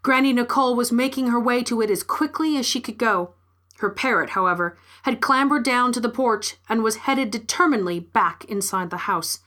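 A woman's voice: fairly high pitch, moderate pace, sharp tone. A woman reading a short story aloud. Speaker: story reader. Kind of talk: scripted narration of a short story.

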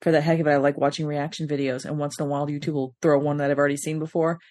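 A woman's voice: sits low, level tone, very fast, darkish tone, dry recording, clean studio sound. A woman on a fan podcast panel, chatting casually and playfully, laughing as she talks. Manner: playful, laughs while talking.

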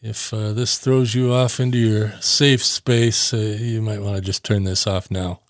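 A man's voice: lowish voice, little pitch movement, a little slow, no room sound, studio quality. A man hosting his own podcast, talking casually in a rambling way with many fillers. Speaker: podcast host. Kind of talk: casual solo podcast monologue.

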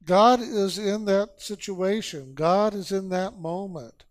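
A man's voice: high voice, dry recording, clean studio sound. A man giving a spiritual sermon as a teacher, urging listeners with repeated phrases and rhetorical questions. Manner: slow, repetitive exhortation with rhetorical questions.

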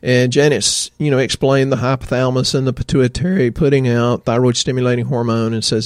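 On his health podcast, a practitioner-host talks directly to listeners and tells stories in a folksy manner. He has a medium-pitched, steady, slightly mellow voice, speaks briskly, and the recording is dry.

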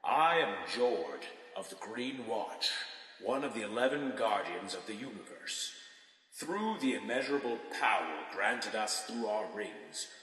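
An ancient, solemn cosmic guardian, as a male narrator puts him on, proclaiming his words in a bright, ringing tone. The voice sits in a wide echoing space with a long hall tail behind every phrase, like a storybook hero's otherworldly mentor. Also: fairly low pitch, very animated, unhurried, pitched above the performer's own voice. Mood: commanding.

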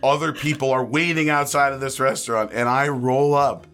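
Animated man telling a funny story. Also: medium pitch, normal speed, clear, resonant tone. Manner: animated storyteller acting out quotes, laughing. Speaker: player. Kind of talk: comic personal anecdote.

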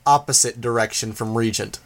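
A man reading an audiobook, voicing a polite young man with a calm manner. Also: mid-range voice, brisk, close to an everyday voice.

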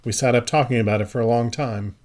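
A man reading the part of an exhausted but hard-edged woman neighbor, speaking quietly and haltingly in an audiobook. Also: medium pitch, steady tone, natural voice. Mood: weary. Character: weary, tough-minded woman neighbor guarding sleepers.

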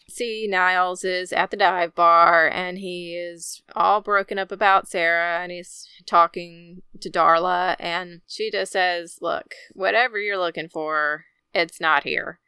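A woman co-hosting a casual podcast, calmly narrating a movie's plot. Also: lowish voice, slow, clean tone, dry recording. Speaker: podcast co-host. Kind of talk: casual movie recap chat.

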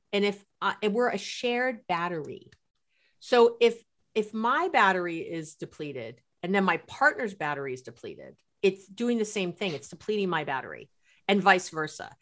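A woman's voice: mid-range voice, moderate pace. A middle-aged woman from New York City, a couples therapist telling stories in a podcast conversation and acting out what people said. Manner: animated storyteller who acts out quotes.

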